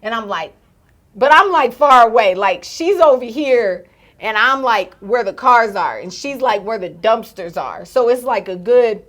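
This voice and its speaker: A woman in her thirties, a podcast co-host telling a story in casual chat and acting out its shouts and gasps. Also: a little high, animated, unhurried.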